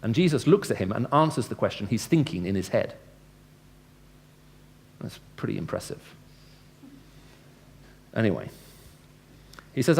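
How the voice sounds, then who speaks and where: With a lowish, creaky, slightly mellow voice, this man speaks unhurriedly, with big pitch swings and long pauses. He is a Christian speaker delivering a conversational evangelistic lecture to a live audience, posing questions and acting out dialogue in changing tones.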